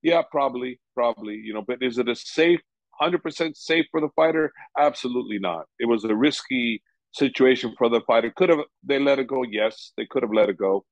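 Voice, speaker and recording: A man's voice: mid-range voice, a little fast, dry recording. A man who coaches fighters, speaking in a casual interview, rambling and repeating "you know" often. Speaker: MMA coach. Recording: dull lo-fi sound.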